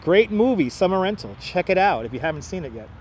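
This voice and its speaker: Outdoors near an airport, a man hosts a planespotting livestream on a wireless clip-on mic, chatting and joking as he calls out incoming flights. His voice sits high with big pitch swings and a quick pace, and there's slight background noise. It's casual live commentary.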